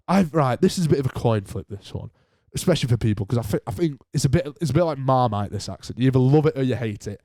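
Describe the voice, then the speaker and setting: A young man with a Northern English accent hosts a casual solo podcast, joking and rambling with plenty of restarts. His voice sits at an ordinary middle pitch. The sound is dry and close, with no room around it. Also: animated, fast, warm tone, no room sound. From Northern England. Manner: chatty, jokey, rambling with restarts. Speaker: podcast host.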